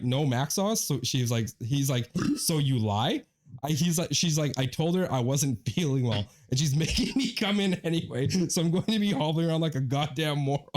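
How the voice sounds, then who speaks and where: Young guy on a podcast, telling a wild story, slightly high voice, does his friends' lines, swears a ton. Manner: animated storyteller, quotes friends in their voices, swears a lot. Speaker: podcast co-host. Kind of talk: casual chat, retelling a story.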